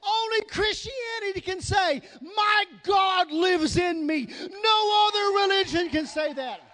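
A pastor with a Southern American accent, preaching a sermon with shouted, drawn-out emphasis. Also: male voice, extremely high pitch.

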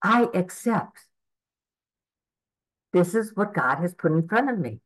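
An eighty-year-old woman tells her own story at a recovery meeting. She speaks in a fairly low voice for a woman, earnest and rambling, and keeps restarting her sentences. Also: animated, takes it slowly, low-quality recording. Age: 80s. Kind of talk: personal testimony at a twelve-step meeting.

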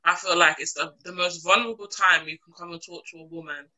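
A woman, co-hosting a casual chat and telling lively stories that act out both sides. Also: fairly low pitch, fast talker, poor audio. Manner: animated storytelling, acts out both sides. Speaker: podcast co-host.

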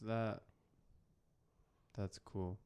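A man hosting a casual podcast, reacting with quick exclamations. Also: fairly low pitch, little pitch movement, a little mellow, clean tone. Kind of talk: casual chat.

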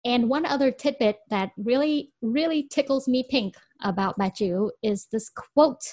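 Lively young American woman storyteller. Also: on the high side, unhurried, dry recording. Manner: animated storytelling, laughs often. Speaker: podcast co-host. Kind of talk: casual chat.

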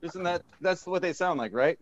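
A man's voice: a little high, lively intonation, moderate pace. Rambling goofy man on lo-fi audio. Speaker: improvised tech support agent. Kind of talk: improv comedy phone call.

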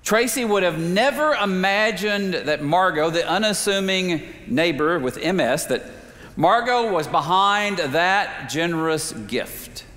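A man preaching a sermon, telling a story in a measured way with slow, emphatic pauses. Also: high-pitched, lively intonation, fairly bright tone. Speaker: pastor. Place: church sanctuary. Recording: reverberant sanctuary.

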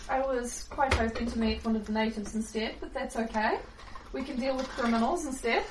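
A woman's voice: on the high side, fairly quick. A woman playing in a tabletop game, chatting casually and making jokey asides. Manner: laughs often, jokey asides. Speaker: player. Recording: echoey room, distant mic, clear noise.

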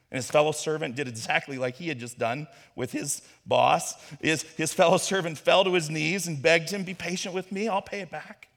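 A man preaching a sermon, telling a parable with animated storytelling and bits of acted dialogue. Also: a little high. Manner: animated storytelling, acts out Peter's voice. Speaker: pastor. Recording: long hall reverb.

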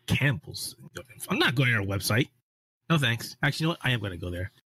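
Male co-host, joking and sarcastic, husky edge, dry close sound. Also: medium pitch, very animated, quick pace, sharp tone, dry recording. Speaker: podcast co-host, editor-in-chief. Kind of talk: casual gaming podcast chat.

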